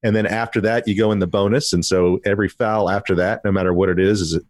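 Low-voiced man explaining plainly. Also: steady tone, fast, dry recording, clean studio sound. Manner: explanatory, matter-of-fact. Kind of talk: casual podcast chat.

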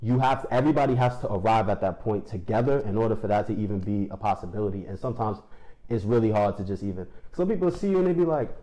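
Young New York man in his twenties, rapid reflective podcast talk, mellow low tone. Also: poor audio. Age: 20s. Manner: fast, reflective storytelling with slang. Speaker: podcast guest, educator. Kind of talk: casual podcast discussion.

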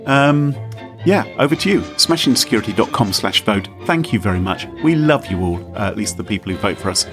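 A man's voice: lowish voice, lively intonation, fairly quick, fairly bright tone, faint music behind. A man from Britain co-hosting a podcast, chatting in a playful, jokey and theatrical way. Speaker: podcast co-host. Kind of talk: casual podcast chat.

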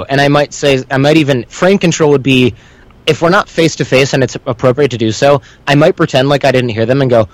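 A man's voice: medium pitch, a little fast, no room sound, poor audio. A man in a loose, rambling guest spot, drifting from point to point as he tells stories. He slips into other people's voices when he quotes them. The recording is dry and close, with no room sound. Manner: rambling, self-described windbag; acts out quoted voices within anecdotes. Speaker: guest, instructor. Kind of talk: conversational storytelling.

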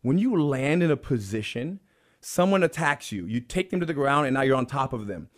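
Calm, earnest man explaining martial arts. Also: mid-range voice, fairly quick. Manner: earnest, explanatory, repeats phrases for emphasis. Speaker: jiu-jitsu instructor, guest. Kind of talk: conversational podcast interview.

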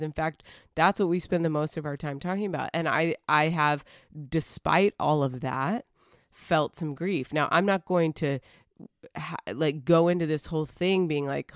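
Woman, podcast co-host, candid, emotional, low voice, dry sound. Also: normal speed, dry recording. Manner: candid, emotional, pushes back. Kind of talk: casual conversation.

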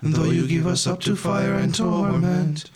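A man chanting liturgical hymns slowly and solemnly as a reader. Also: a little high, steady tone, over a noisy crowd. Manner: slow, measured, solemn chanting. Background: loud instrumental music.

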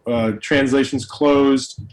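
Man, middle-aged, from new york, actor guest, lively anecdotes, acts out quotes, mid-pitched voice. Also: slow pace, poor audio. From New York City. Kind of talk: storytelling in conversation.

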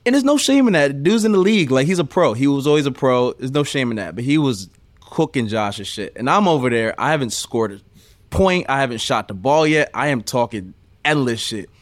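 A man's voice: mid-range voice, a little fast, dry recording. A man co-hosting a casual sports podcast, a former college player who tells stories animatedly and keeps breaking into laughs. His voice sits mid-range and sounds dry and close to the mic. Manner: animated storyteller, acts out quotes loudly, laughs often. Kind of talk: casual storytelling chat.

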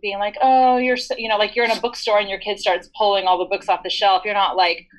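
A woman in her forties talks through parenting ideas in a relaxed podcast chat. She tells stories and slips into short acted-out lines of what a parent might say. Her voice sits in a mid range. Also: medium pitch, quick pace, rough recording. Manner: warm explanatory storytelling, acts out parent lines.

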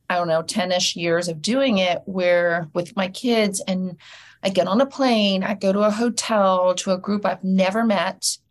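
A female dentist and educator talking in a casual interview, telling her story in a thoughtful, measured way. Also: medium pitch.

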